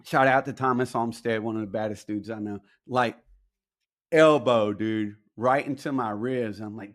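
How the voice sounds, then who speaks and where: A man from spins a long story as a podcast guest, full of slang and swearing. He keeps slipping into the other people's lines as he tells it, in a voice of ordinary middle pitch. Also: normal speed. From Alabama, USA. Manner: slangy, profane, animated storyteller acting out quoted dialogue. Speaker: podcast guest, military veteran. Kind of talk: casual storytelling in a podcast interview.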